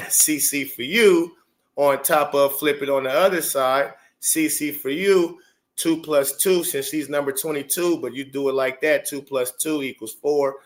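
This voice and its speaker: A man hosting a casual livestream, talking excitedly, repeating himself and stumbling over restarts as he breaks things down for viewers. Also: a little high, a little slow. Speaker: show host.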